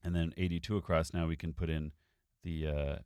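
A man's voice: extremely low pitch, flat delivery, a little fast, darkish tone, clear, resonant tone, no echo, studio quality. A man working through a crossword with friends in casual chat, thinking aloud with hesitant restarts. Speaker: crossword solver leading the puzzle.

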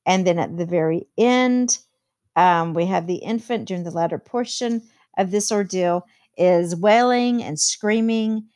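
A woman's voice: on the low side, a little slow, darkish tone. Woman teacher explaining a novel chapter. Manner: reads quotes aloud with plain commentary.

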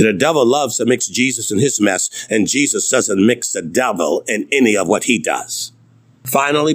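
A man preaching a sermon, reading scripture with emphatic, dramatic delivery and big swings in pitch.

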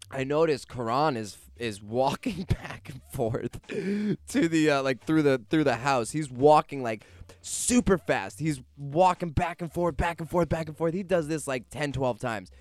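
A young man casually telling a personal story out loud, animated, swearing freely and laughing as he goes. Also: medium pitch, dry recording.

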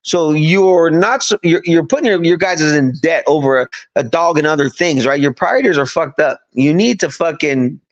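A man's voice: fairly high pitch, expressive, normal speed, few pauses. A man who is an army veteran, a podcast guest telling profane, heated war-story anecdotes in casual chat. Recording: dull lo-fi audio.

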